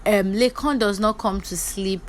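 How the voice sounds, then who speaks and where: A woman, casually recapping reality-show gossip in a chatty, animated way. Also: medium pitch, slight background noise, poor audio. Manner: chatty and animated, quick asides.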